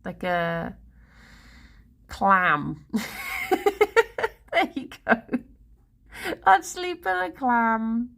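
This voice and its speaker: A woman's voice: a little high, big pitch swings, drawn-out words, vocal fry, pauses often, fairly bright tone. A woman in her thirties with an English accent, chatting casually and playfully with stream viewers, giggling often. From England. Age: 30s. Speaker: livestreamer.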